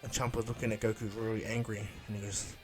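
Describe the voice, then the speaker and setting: A man casually improvising a fan story retelling, rambling and halting with fillers. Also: fairly low pitch, level tone, over music.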